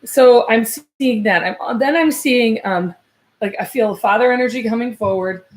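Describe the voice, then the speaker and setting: Hesitant woman giving a medium reading. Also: on the high side. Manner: hesitant, searching, many fillers and restarts; soft and slow when channeling messages. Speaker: psychic medium.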